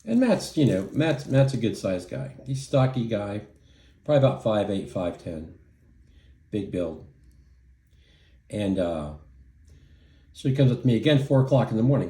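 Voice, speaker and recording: A man's voice: fairly low pitch, expressive, moderate pace, long pauses, dark tone. A middle-aged man telling a story in a casual vlog, indignant and profane, rambling with lots of fillers. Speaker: vlogger. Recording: echoey room.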